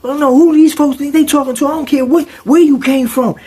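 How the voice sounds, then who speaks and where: A man voicing a furious young male inmate yelling curses and threats in a loud, defiant voice. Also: very high-pitched, fairly even intonation, fast talker, voice pushed up.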